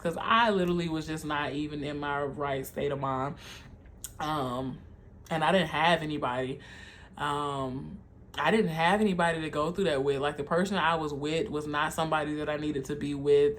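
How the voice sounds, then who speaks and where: A young adult video creator candidly telling a personal story, heartfelt and halting, speaking straight to viewers as y'all. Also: medium pitch, steady tone, a bit bright, slight background noise. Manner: halting, with frequent um and like.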